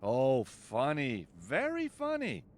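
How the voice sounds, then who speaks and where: A man's voice: mid-range voice, wildly swooping pitch, slow pace, dry recording. An actor playing the easygoing, joking male hero of an adventure game. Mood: wry. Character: wry adventurous American man, game hero. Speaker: game protagonist.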